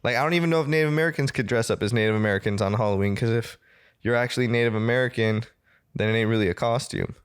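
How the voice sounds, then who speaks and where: A man's voice: mid-range voice, rapid-fire, smooth. A man hosting a casual podcast chat, making wry jokes at his guest. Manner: joking, wry. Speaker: podcast host.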